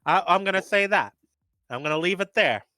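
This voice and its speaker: A man with a New York accent casting a live esports match, joking and excitable, often stammering into his sentences. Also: sits high, a little fast, no echo, soft background music. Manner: excitable, jokey, stammering restarts. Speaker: esports caster.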